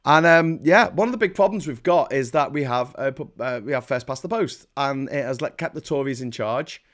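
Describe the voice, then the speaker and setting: A man's voice: mid-range voice, a little fast, fairly bright tone. A man hosts a live stream and rants about politics, swearing heavily and getting heated. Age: 40s. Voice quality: profane, heated. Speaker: livestream host. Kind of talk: angry political rant.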